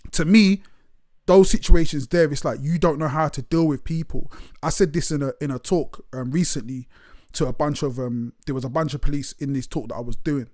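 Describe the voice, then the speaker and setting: Fast-talking animated man. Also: on the high side. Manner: animated storytelling, swearing, acting out exchanges. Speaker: host. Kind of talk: casual live chat.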